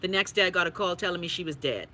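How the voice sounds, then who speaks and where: A Bahamian woman hosting a livestream, chatting casually and reading viewer comments in a blunt, profane, animated way. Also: on the low side, very fast, poor audio. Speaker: livestream host.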